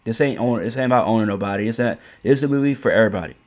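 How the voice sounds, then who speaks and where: A man's voice: lowish voice, very fast, darkish tone. A man ranting in blunt, profane commentary, often repeating and restarting his points. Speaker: commentary host.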